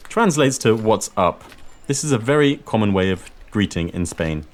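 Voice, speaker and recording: A man's voice: fairly low pitch, expressive, normal speed. A man hosting a scripted language lesson, theatrical and careful with pronunciation drills. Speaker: language podcast host. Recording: faint music under the voice.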